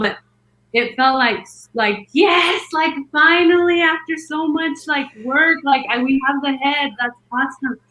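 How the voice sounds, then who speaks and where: The recording is reverberant and poor, capturing a woman with a somewhat bright mid-range voice. As a podcast guest she tells her birth story at length in a casual, rambling way, peppering it with "like" and acting out quotes.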